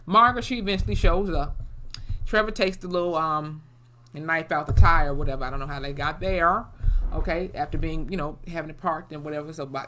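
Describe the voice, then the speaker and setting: Give me a woman with a deep voice, casually and bluntly retelling a TV episode. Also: fairly bright tone, slight background noise. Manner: blunt, salty, many "you know" fillers. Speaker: TV episode reviewer.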